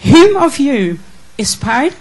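A woman from the Netherlands asking a question from the floor, earnest, emotional and halting. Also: high voice, big pitch swings, a little mellow, low-quality recording. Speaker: audience questioner.

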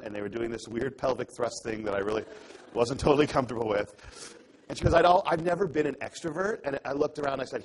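A man's voice: mid-range voice, slightly rough, poor audio. A young adult man giving an earnest, conversational talk to an audience, telling a story and acting out the dialogue in it. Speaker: public speaker.

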